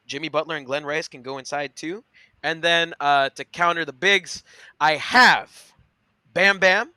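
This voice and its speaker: A man's voice: fairly high pitch, pushed and bright, no echo. A man co-hosting a casual sports podcast, teasing the others and laughing often. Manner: joking, teasing, quick to laugh. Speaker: podcast co-host.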